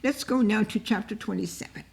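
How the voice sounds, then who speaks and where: A woman's voice: medium pitch, brisk, vocal fry, darkish tone. A woman leading an informal Bible lesson, emotive and repetitive, often acting out heartfelt cries to God as she encourages her listeners. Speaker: Bible study teacher.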